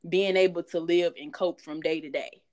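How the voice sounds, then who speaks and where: Woman, guest author; candid, conversational, low-pitched, lots of fillers. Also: fairly even intonation, normal speed, a little mellow. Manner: frank, chatty, many fillers.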